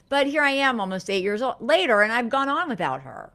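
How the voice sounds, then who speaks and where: A middle-aged woman therapist hosting a live-streamed talk, speaking gently and reflectively, with many fillers and restarts. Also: medium pitch, very animated, a little fast, creaky, few pauses. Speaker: therapist and live show host.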